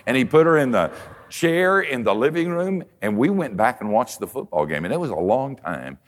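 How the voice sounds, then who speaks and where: An older man preaching a conversational sermon, telling folksy stories and swinging from soft asides to emphatic points. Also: medium pitch, big pitch swings, normal speed.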